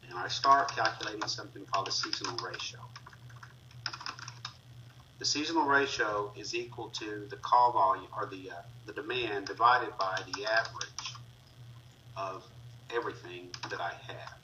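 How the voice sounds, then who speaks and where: A man with a lowish, very bright voice walks through a spreadsheet lesson step by step, filling pauses with "uh" as he clicks. He sounds a little distant from the mic, with faint noise and keyboard typing behind him. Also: animated, highs cut off. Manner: talks through steps as he clicks, with fillers. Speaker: instructor. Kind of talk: screen-recorded spreadsheet tutorial.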